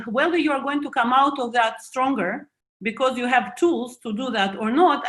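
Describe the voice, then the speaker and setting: A woman's voice: a little high, a bit bright. A woman in her forties with a Russian accent, speaking as a guest author in a reflective conversation and searching for words with frequent restarts. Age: 40s. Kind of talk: video call conversation.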